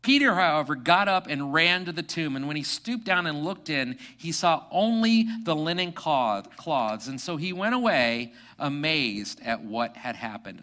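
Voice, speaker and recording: Male pastor, middle-aged, sermon, bright forceful tone, slightly high voice, emphatic repetitions, hushed reflective drops. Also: sing-song, measured pace, hardly any pauses. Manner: preaches with rising, emphatic bursts and repeated phrases.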